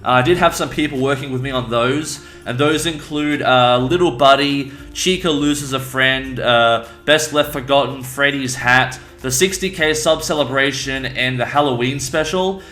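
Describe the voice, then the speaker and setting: A man's voice: medium pitch, normal speed, few pauses, bright, forceful tone. An upbeat man answering viewer questions in a casual, chatty way. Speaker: YouTuber and voice actor. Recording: echoey room.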